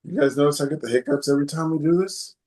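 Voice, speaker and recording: A man hosting a casual podcast, reading out listener comments and thinking aloud with hesitant pauses. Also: a little high, darkish tone. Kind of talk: casual chat.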